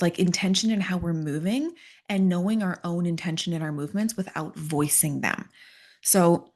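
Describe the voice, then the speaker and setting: Earnest woman podcast host, lowish voice. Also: a little mellow. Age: middle-aged. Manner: earnest, emphatic, coaching tone. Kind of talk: solo motivational podcast talk.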